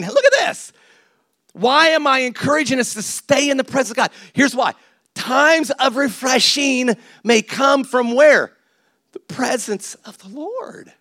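A male pastor preaching a sermon, swinging between loud exhortation and quiet asides with laughter. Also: very high voice, no echo, studio quality. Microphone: handheld or stage mic.

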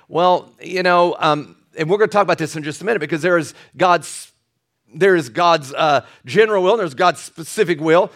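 Older male pastor, high voice, folksy joking sermon delivery. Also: normal speed, fairly bright tone. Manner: folksy and joking, with many restarts and asides.

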